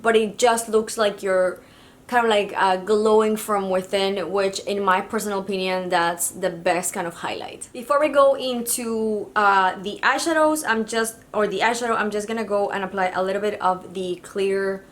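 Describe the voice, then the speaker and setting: A woman from Mexico talks through her makeup routine as a beauty vlogger. She speaks in a mid-range voice, casual and chatty, with little hesitations. She sounds friendly and unhurried. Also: mid-range voice, steady tone. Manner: chatty and casual, with fillers like "kind of like". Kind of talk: makeup tutorial narration.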